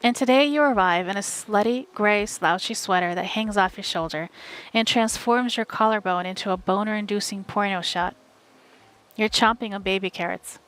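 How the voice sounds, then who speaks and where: Woman, live audiobook reading, steady wry narration, mid-range voice, home desk mic. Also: mid-range voice, normal speed, smooth.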